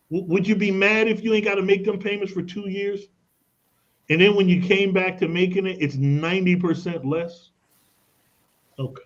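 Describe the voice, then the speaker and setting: Emphatic high-voiced man on radio. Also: lo-fi sound. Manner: emphatic, tells anecdotes, repeats "look at this". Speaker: credit expert guest. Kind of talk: radio interview, lively explaining.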